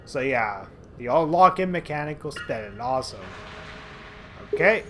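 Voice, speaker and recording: A man's voice: medium pitch, animated, normal speed, fairly bright tone, slight background noise. A man giving casual, rambling commentary over a video game he is playing at home, with lots of fillers and restarts. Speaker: let's play host.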